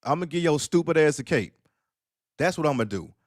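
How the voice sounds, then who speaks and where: A man's voice: fairly high pitch, expressive, fast talker, heavy background noise. A man talking on a streamed panel discussion, telling stories bluntly and preaching with profanity. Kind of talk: casual streamed panel talk.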